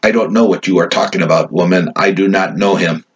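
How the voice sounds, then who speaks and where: A man reading a frightened male disciple rushing through a flat denial. The husky low voice speeds up. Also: highs cut off. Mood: denying.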